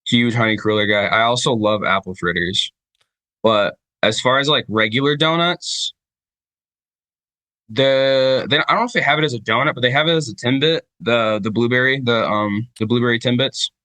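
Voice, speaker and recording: A man from Michigan in the United States, a band vocalist appearing as a podcast guest, speaks at medium pitch and moderate pace in a bright, forceful, echo-free voice. In casual chat he tells rambling stories loaded with swearing and fillers.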